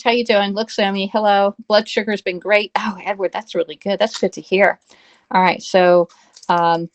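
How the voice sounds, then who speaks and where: A woman's voice: lowish voice, slight background noise. A woman hosting a live cooking stream from her home kitchen, talking casually, greeting viewers by name and checking in with "all right?". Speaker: livestream cooking host.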